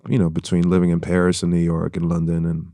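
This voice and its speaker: A man with a very deep voice and a light German accent talks through his story in a casual interview. He speaks thoughtfully, circling back and restarting as he goes. The sound is dry and close, with no room around it. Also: completely flat delivery, warm tone, dry recording. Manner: reflective, measured, with many restarts. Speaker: guest actor.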